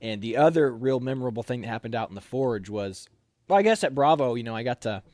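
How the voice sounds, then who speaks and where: A young man casually telling animated stories from army training, laughing and acting out other people's lines. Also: mid-range voice, fast talker, no room sound, clean studio sound. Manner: animated, laughs while telling, acts out quotes. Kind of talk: casual storytelling.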